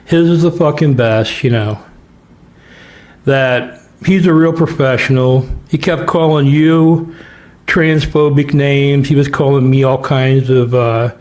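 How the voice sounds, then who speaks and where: A man's voice: mid-range voice, steady tone, slow, darkish tone. A man hosting a livestream, mocking a clip with sarcastic, profane commentary. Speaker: host.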